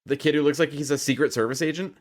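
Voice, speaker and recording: A man's voice: fairly high pitch, steady tone, fast. A man co-hosting a podcast, joking and swearing casually while discussing a show. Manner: joking, profane, wry. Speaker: podcast co-host. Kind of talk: casual chat.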